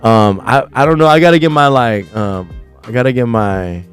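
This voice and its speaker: Male livestream host, casual news commentary, cursing a lot, slangy, ranting, smooth clear voice. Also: medium pitch, moderate pace, faint music behind. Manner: animated, often rises when worked up.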